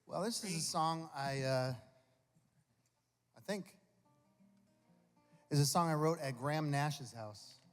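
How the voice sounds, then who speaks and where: A man's voice: a little high, slow, long pauses. A male singer-songwriter telling a chatty, self-mocking story on a live concert stage, swearing casually as he goes. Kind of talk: rambling onstage anecdote. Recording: long hall reverb, faint guitar.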